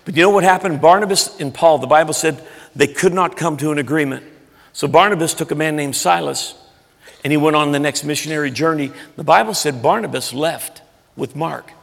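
A man pastor preaching a sermon in a church, earnest and emphatic, sometimes dropping soft. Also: on the high side, gravelly. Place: large church sanctuary. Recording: echoey church hall.

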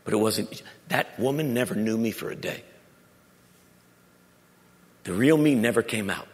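A middle-aged man, preaching a sermon and telling stories, with loud emphatic moments and quiet, intimate ones. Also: on the low side, unhurried. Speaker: pastor. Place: church sanctuary. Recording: long reverb of a large hall.

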